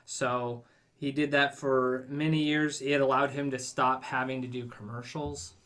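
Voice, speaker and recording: Bright-voiced casual male podcast co-host. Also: mid-range voice, measured pace. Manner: relaxed, conversational, with frequent fillers. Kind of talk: casual chat.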